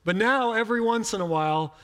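A middle-aged man, a pastor, preaches fairly quickly in a loose, chatty style, repeating and fumbling words as he launches into each idea. His tone is fairly bright and a little high for a man, with long hall reverb trailing his phrases.

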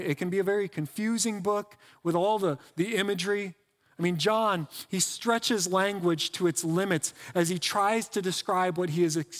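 A man delivers a sermon in a relaxed, talky manner, often restarting a phrase or adding a quick aside. His voice sits high for a man. A long reverb trails his words, as in a big hall. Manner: conversational preaching with restarts and asides. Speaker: pastor.

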